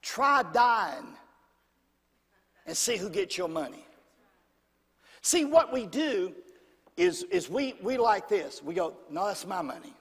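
A man's voice: high voice, big pitch swings, slow pace, long pauses, fairly bright tone, slightly rough. A man preaching a sermon in a church, calling on the congregation to say amen. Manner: call-and-response, demanding amens. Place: church sanctuary. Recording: long church reverb.

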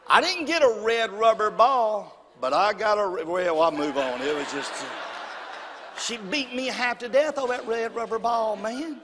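A man from Alabama with a Southern US accent, telling folksy, humorous stories from the pulpit in an animated way. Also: high voice, unhurried, background noise. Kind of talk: storytelling sermon. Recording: long hall reverb.

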